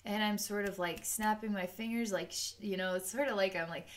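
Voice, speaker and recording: A woman's voice: medium pitch, fairly even intonation, fairly quick. A woman giving a psychic energy-healing session off the cuff, rambling with many fillers and voicing the chakras in little quoted asides. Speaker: psychic reader.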